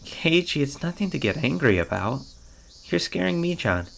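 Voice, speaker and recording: Guy putting on a sweet worried teen girl voice, soft and pleading, kinda raspy underneath. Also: fairly high pitch, very animated, moderate pace, slight background noise, pitched above the performer's own voice, exaggerated voice. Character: sweet gentle teenage girl, kind but worried.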